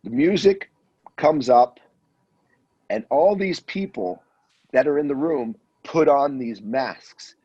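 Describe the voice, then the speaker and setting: A man in his fifties telling a wild anecdote in a casual, animated way, acting out the voices of the people in it. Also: mid-range voice, slow, pauses often, breathy edge. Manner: animated storyteller, acts out voices. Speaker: guest storyteller. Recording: dull lo-fi audio.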